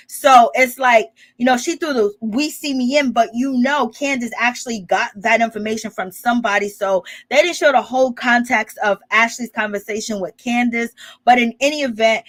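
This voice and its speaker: A woman's voice: a little high, steady tone, normal speed, fairly bright tone. A woman chatting casually as she recaps a reality show, gossipy and rambling, full of asides and "you know"s. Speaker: reality TV commentator.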